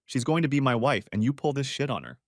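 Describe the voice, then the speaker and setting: An enraged young brother, put on by a male storyteller in a spoken story hurls sarcastic accusations, his voice pushed high. The delivery swings widely in pitch. The sound is dry and close with no room. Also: big pitch swings, fast talker, no echo. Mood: accusing. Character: furious young man, the narrator's accusing brother.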